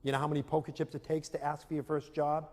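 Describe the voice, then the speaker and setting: Speaking quickly in a fairly high voice, a man lectures parents and teachers on self-esteem in a motivational talk. He tells stories animatedly and acts out scenes with audience volunteers, his voice echoing with the long reverb of a large hall.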